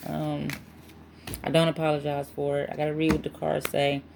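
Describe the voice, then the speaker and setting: A woman's voice: low-pitched, monotone, normal speed, vocal fry, very noisy. A woman giving a casual spiritual tarot reading to her channel, chatty and emphatic, with frequent asides. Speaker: tarot reader.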